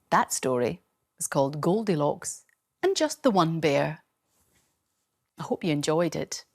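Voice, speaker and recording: A woman reading a bedtime story for children, gentle, soothing and playful. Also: on the low side.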